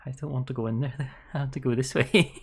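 A woman streamer giving live commentary on a horror game, jumpy and swearing, sliding between hushed whispers and startled yelps. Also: a bass voice, steady tone, fast talker, breathy edge. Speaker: virtual streamer.

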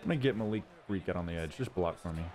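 A man hosting his gaming channel, giving casual running commentary on his own football video game and cheering loudly at big plays. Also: low-pitched, animated, rapid-fire. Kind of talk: live gameplay commentary. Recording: audible background noise.

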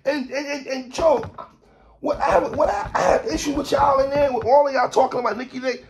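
A man hosting a podcast, ranting in animated commentary, stammering, repeating himself and shouting for emphasis. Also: very high-pitched, brisk. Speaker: podcast host.

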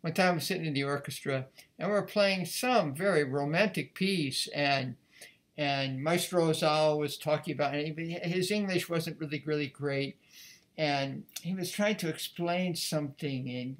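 A man's voice: a little high, normal speed. A man giving a violin lesson, talking casually and thinking aloud between passages. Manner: conversational, thinking aloud as he plays. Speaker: violin teacher. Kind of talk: music lesson. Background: faint violin playing.

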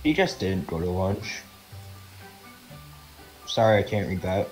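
A man playing through a game with friends, reading the characters' lines in an over-the-top, badly faked British accent. His pitch swoops about in a lively way, and faint game music plays behind him. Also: rough recording. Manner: voices characters in a deliberately bad put-on British accent. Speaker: gaming video host. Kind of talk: casual let's-play chat, reading game lines aloud.

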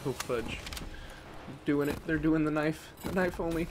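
A man with a fairly high voice gives jokey commentary at a measured pace while playing a shooter game, swapping his swear words for mild substitutes. Loud gunfire from the game plays behind his voice along with other background noise.

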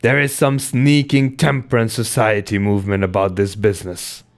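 A man's voice: lowish voice, little pitch movement, normal speed, close to an everyday voice. A man reading aloud voices a blustering, mocking sailor mate with rising outbursts, as in a storybook. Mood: indignant.

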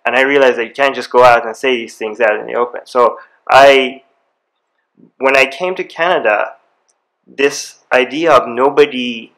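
Animated man telling stories. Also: mid-range voice, normal speed, rough recording. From Iran. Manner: animated storyteller, grows excited. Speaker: panel speaker. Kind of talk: live panel discussion. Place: university event room.

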